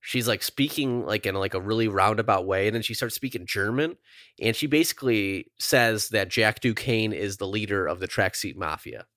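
A man with a lowish voice co-hosts a casual podcast chat. He recaps at length, rambling and full of ums, animated in spots. The sound is dry and close. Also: moderate pace, no echo. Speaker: podcast co-host.

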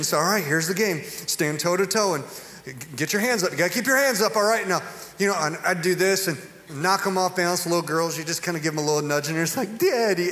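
A man's voice: a little high, fairly bright tone, a little hiss or hum. A middle-aged man preaching a sermon as a pastor, mixing humorous storytelling with earnest preaching. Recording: echoey hall with long reverb.

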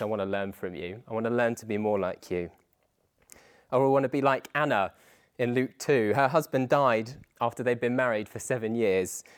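A man giving an informal, earnest sermon to students, talking conversationally and quoting scripture and prayers. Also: mid-range voice. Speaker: speaker at a student Christian talk.

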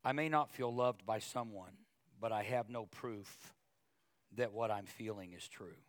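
A male pastor preaching a sermon, talking conversationally with asides and repeated words, then rising in pitch and volume as he gets emotional. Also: a little slow, no room sound. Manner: emotional, grows louder and higher when preaching.

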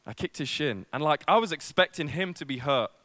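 Brief: young male preacher, slightly high voice, casual sermon full of ums and asides, close and dry. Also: animated, brisk, a bit bright, dry recording. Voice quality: casual, self-deprecating, filler-heavy delivery. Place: church service.

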